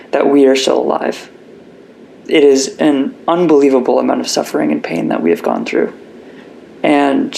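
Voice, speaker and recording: A man's voice: medium pitch, creaky, a little mellow, slight background noise, rough recording. A young man as an interview guest, talking earnestly and reflectively about his life, with emotion close to the surface. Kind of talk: candid personal interview.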